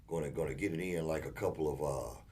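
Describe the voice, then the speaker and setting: A man co-hosting a casual relationship talk show, telling animated stories and acting out quotes. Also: extremely low pitch, quick pace. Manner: animated storyteller, acts out quotes. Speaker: co-host.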